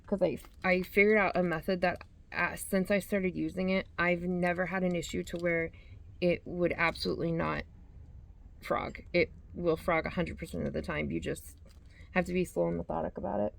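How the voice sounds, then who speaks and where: In a casual yarn vlog, the host reads out labels and fixes her own slips as she chats. Her lowish voice is gravelly, fairly even in intonation, and moderately paced.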